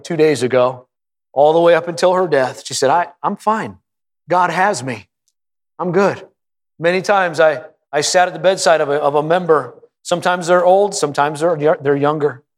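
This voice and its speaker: Male pastor, fervent sermon delivery, slightly high voice, long church reverb. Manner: impassioned preaching, rising to high emphatic peaks. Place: church auditorium.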